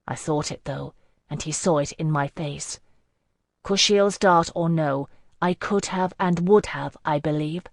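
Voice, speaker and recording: A woman narrates a fantasy novel in the first person, measured and even. Her voice sits on the low side for a woman. The sound is dry and close, as from a booth mic. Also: dry recording. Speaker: audiobook narrator. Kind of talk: scripted narration.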